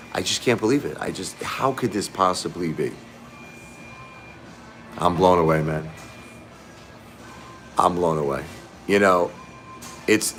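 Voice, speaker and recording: Middle-aged male streamer, very low voice, repetitive, chatty, faint music behind. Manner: rambling, repeats himself, addresses viewers by name. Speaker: livestream host. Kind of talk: casual livestream talk to chat. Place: fast-food restaurant.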